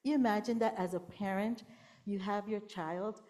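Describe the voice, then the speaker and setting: Middle-aged lady preaching, tells the bible story like a storyteller, acts out the quotes, goes soft and whispery now and then. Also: mid-range voice, steady tone, normal speed. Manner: storytelling with acted-out quotes, whispering to show how softly God speaks. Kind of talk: sermon.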